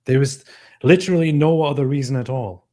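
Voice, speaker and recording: A man's voice: medium pitch, brisk, warm tone. A man hosting a live commentary stream, talking with sarcasm and disbelief. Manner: sarcastic, incredulous. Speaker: host.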